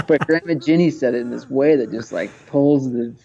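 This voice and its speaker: A man's voice: mid-range voice, normal speed, warm tone, dull audio. A man in his thirties from Montana, a podcast guest talking casually, rambling with many restarts and frequent laughs. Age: 30s. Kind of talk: casual conversational interview.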